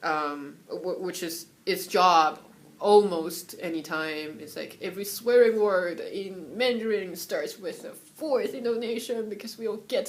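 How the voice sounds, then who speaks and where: A young woman from Taiwan giving a casual, chatty lesson on Mandarin tones at home, sometimes singing syllables to show the pitches. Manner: relaxed, chatty, breaks off to soothe her cat; sings syllables and solfege to demonstrate tones. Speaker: Mandarin tone teacher.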